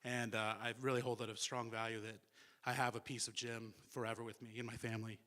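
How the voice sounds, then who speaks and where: Heartfelt man giving a bright eulogy. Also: mid-range voice, little pitch movement, fast. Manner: heartfelt, acts out remembered dialogue. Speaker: eulogy speaker. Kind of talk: memorial speech. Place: memorial service.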